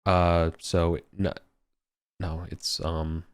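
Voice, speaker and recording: Deep-voiced male game master, halting. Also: little pitch movement, smooth, no echo. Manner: halting, many fillers. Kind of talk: describing a tabletop scene.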